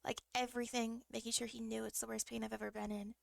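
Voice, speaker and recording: A young woman streaming live tells a personal story in a loose, rambling way, circling back with fillers and restarts. Her voice sits a little high and carries a heavy gravelly fry. The sound is close and dry, with no room around it. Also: flat delivery, fast talker, no room sound. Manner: emotional, vivid retelling. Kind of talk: casual storytelling.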